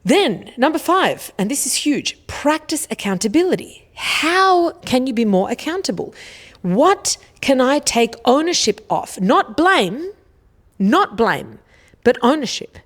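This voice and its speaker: A woman's voice: sits high, sing-song, unhurried. A woman hosting a solo self-help podcast, casual and blunt, swearing freely and often checking in with "okay?". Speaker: podcast host.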